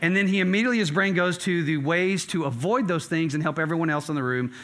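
A middle-aged male pastor preaching in a high, bright voice. He moves from earnest emphasis into relaxed, chatty storytelling. His delivery stays conversational throughout. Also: quick pace. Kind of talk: sermon.

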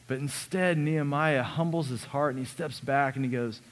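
A man preaching a sermon as a pastor, earnest, sometimes dropping his voice to a hush on key lines. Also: mid-range voice, moderate pace, few pauses. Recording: long reverb of a large hall.

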